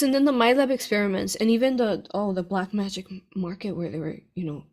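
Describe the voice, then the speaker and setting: A woman author talking casually to her audience, excitable and full of fillers and restarts, jumping between loud outbursts and hushed asides. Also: on the low side, creaky, slightly rough. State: tearful at moments. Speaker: author answering readers' questions. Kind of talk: casual unscripted monologue.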